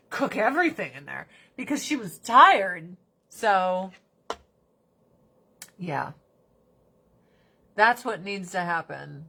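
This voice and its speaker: A bright, forceful woman hosts a livestream, talking casually. She is animated and swears freely, rushing some phrases and dragging others out slowly. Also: fairly low pitch. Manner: animated, breaks into mocking put-on voices; swears casually, talks fast then drags words out. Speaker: livestream host.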